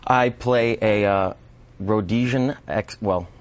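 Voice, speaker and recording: A man's voice: on the low side, slow pace, muffled recording. A man appearing as an actor guest on a TV interview, answering thoughtfully and often repeating words as he starts a sentence. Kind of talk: broadcast interview.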